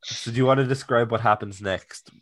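A young man chatting casually on a podcast, emotional and animated, swearing freely and acting out quotes. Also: mid-range voice, fairly quick. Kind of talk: casual chat.

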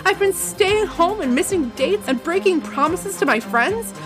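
A woman reading aloud as a distraught teenage girl who is crying and shouting at her grandmother. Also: very high-pitched, expressive, fast, over music, pitched above the performer's own voice. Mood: sobbing, furious. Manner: tearful, shouting, pleading. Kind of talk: dramatic read-aloud of a novel.

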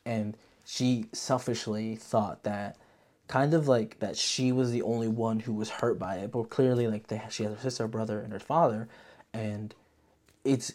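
A vlog host giving a casual movie review, talking in an animated, profane way full of filler words. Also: mid-range voice.

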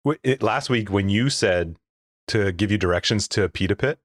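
Low-voiced male podcast host. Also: moderate pace, no room sound, clean studio sound. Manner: laughs easily, rambling. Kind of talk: casual podcast chat. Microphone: close podcast mic.

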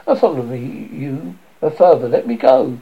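A man voicing a timid, wounded young woman in a verse play, reading with lively stresses. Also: mid-range voice, normal speed, gravelly, slightly rough, lo-fi sound. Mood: pleading.

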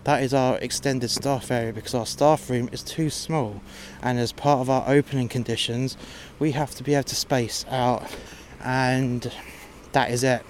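Talking at normal speed in a medium, fairly even voice, this man tells work stories on his podcast, swearing bluntly and sounding fed up. A faint hiss or hum runs underneath.

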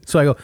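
A man telling a story in casual chat, swearing freely and getting animated. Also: no room sound, studio quality. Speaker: podcast co-host telling a story.

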